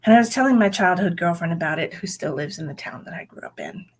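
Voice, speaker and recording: Husky-voiced woman in her 40s, chatty livestream storytelling, lots of "you know". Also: lowish voice, lively intonation, fast. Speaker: psychic medium.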